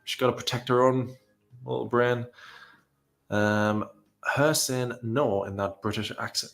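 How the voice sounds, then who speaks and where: A man's voice: medium pitch, a little slow, gravelly, fairly bright tone, faint music behind. A man casually reacting to video clips and reading out comments, rambling and self-deprecating with frequent sighs.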